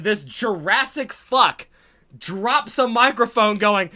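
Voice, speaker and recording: A man's voice: extremely high pitch, expressive, slow, sharp tone. A man giving casual, profane and sarcastic commentary on a wrestling show, sounding exasperated.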